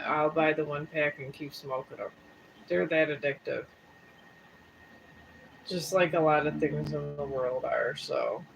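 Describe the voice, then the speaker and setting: A woman with a low-pitched voice chats casually on a live stream, rambling and folksy and talking straight to her viewers. A live streamer and tarot reader, she seems a bit tired with a sore throat, and the rough recording has slight background noise.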